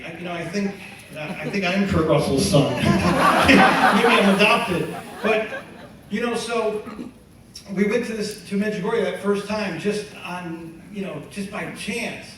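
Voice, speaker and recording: Animated man telling a story in an echoey hall. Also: sits high. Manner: animated, laughing, conversational, many fillers. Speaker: musician giving testimony. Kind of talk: storytelling testimony talk. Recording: echoey hall from far off, faint noise.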